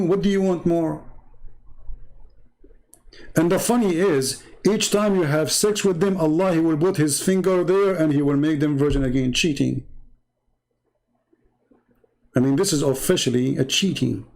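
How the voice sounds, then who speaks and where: A man with a fairly high, gravelly voice gives a polemical monologue as a show host. He talks in a mocking, emphatic way, firing off rhetorical questions and repeating phrases for effect. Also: moderate pace, a little mellow. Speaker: religious debate host.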